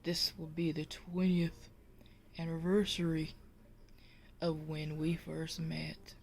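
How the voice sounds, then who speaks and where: A woman's voice: deep voice, level tone, slow pace, gravelly, a little mellow, a little hiss or hum, exaggerated voice. A woman telling it as a weepy, solemn husband. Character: weepy middle-aged husband, secretly resentful.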